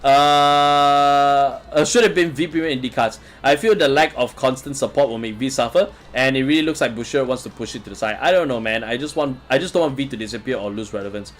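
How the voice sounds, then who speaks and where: A man's voice: mid-range voice, a little fast, few pauses, soft background music. A man hosting a casual live stream, answering viewer comments in a chatty way and chuckling often. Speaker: livestream host reading chat.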